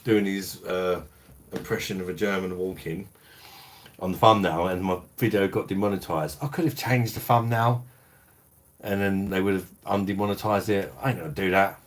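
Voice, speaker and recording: A deep-voiced British man, middle-aged, hosting a casual beer livestream from home. He talks bluntly, peppers his chat with swearing and slang, and answers viewer comments as they come in. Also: fairly even intonation, moderate pace. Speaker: beer review livestream host.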